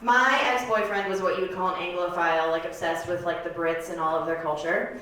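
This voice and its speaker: Deadpan 30yo woman doing stand-up, rambly with lots of um and like, sounds far from the mic in a super echoey club. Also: lowish voice, brisk. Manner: deadpan, rambling confessional delivery with filler words. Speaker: stand-up comedian. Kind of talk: stand-up comedy set. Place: comedy club stage.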